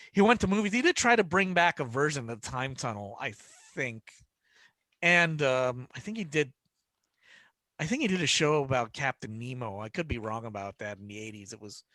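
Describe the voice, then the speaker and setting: A man's voice: mid-range voice, a bit bright, no room sound. A man on a podcast panel telling rambling stories with many restarts, acting out the lines of the people he quotes. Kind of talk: casual panel chat.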